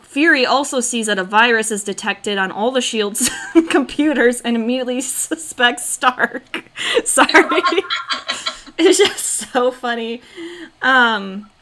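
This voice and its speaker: Bright-voiced young woman recapping casually. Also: on the high side, expressive, unhurried. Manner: swears freely, acts out quotes, laughs often. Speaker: podcast co-host recapping a film. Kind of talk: casual chat.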